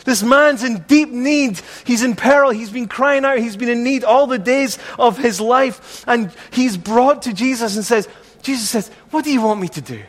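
A man's voice: very high voice, unhurried, big-room sound. A man preaching a sermon as pastor, earnest and repetitive, asking the congregation rhetorical questions.

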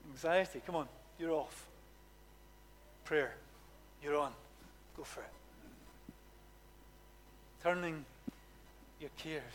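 A man preaching a sermon, animated and emphatic, repeating words for effect. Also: fairly high pitch, in a large hall, a little hiss or hum. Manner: animated, emphatic, with dramatic repetition.

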